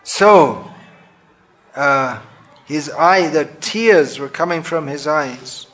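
A man's voice: fairly high pitch, drawn-out words, a bit bright. A man giving a devotional talk on scripture, thoughtful and self-correcting, sometimes acting out the scenes he explains.

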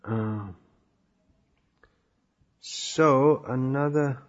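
A man teaching a lecture on scripture, thoughtful and pausing often with fillers, on a dull lo-fi recording. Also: mid-range voice. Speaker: religious teacher.

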